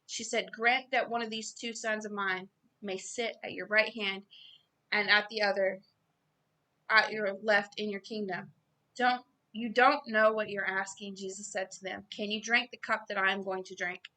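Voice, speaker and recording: A woman giving an informal Bible reading and sermon, earnest and growing loud and emphatic as she preaches. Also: medium pitch, fairly even intonation, moderate pace. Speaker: self-styled preacher.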